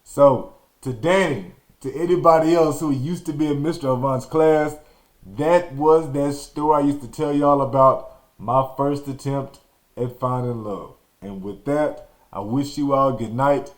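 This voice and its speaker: A man from Texas hosting a podcast, telling a story in an animated, slangy way and acting out the scenes. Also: mid-range voice, measured pace. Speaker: podcast host. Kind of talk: storytelling monologue.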